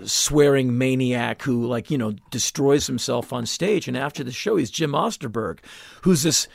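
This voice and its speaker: A man's voice: mid-range voice, moderate pace, creaky, dry recording. A man in his fifties, a musician guest in a garage interview, telling stories bluntly and intensely with frequent restarts. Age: 50s. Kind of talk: casual interview conversation. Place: garage home studio.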